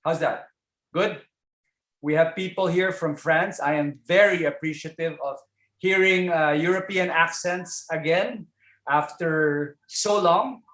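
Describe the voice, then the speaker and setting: A man with a Filipino accent giving a chatty keynote speech over a video call, filling pauses and tagging lines with "no?". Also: a little high, reverberant, poor audio. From Philippines. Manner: chatty, warm asides, frequent fillers and tag "no?". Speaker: keynote speaker.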